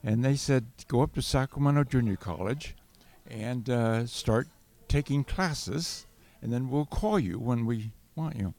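Older veteran man, gravelly, chuckling rambling storyteller. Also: medium pitch, a little slow, darkish tone. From California. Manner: chuckling, rambling anecdote with restarts. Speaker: World War Two Navy veteran guest. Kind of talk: storytelling interview.

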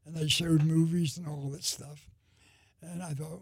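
A man's voice: fairly high pitch, flat delivery, unhurried, a little mellow, no room sound. An older man, a war veteran, recalling his wartime past in a rambling oral history. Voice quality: gravelly, husky voice.

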